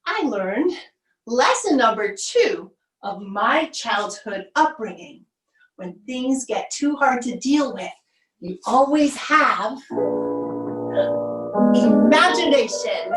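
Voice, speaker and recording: A woman performing an autobiographical stage monologue, measured and wry, pausing for effect. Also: a little high, very animated, fairly bright tone, faint music behind. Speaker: solo performer. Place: theater stage. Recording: roomy stage sound, mic far off.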